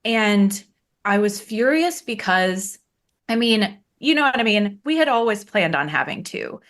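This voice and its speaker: A woman's voice: mid-range voice, very animated, unhurried, fairly bright tone. A woman in her thirties telling her own story in a candid interview, frank and plain-spoken, acting out the people she quotes with a raised voice. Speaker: guest.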